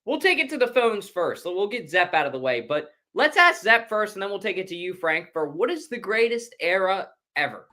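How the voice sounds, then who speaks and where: A man hosting a podcast, steering the conversation in a relaxed, easygoing way. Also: high-pitched, a little fast, few pauses. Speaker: podcast host. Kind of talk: casual podcast chat.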